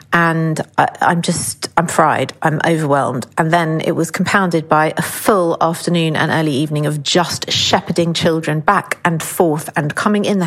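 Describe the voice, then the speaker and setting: A middle-aged woman co-hosting a podcast, telling stories in casual chat, candid and swearing freely. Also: low-pitched. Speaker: podcast co-host.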